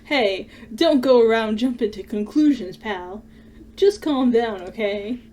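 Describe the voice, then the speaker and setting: A woman voicing a gruff, big-hearted male police detective in a video game, blunt and quick to call people "pal.". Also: fairly high pitch, darkish tone, natural voice.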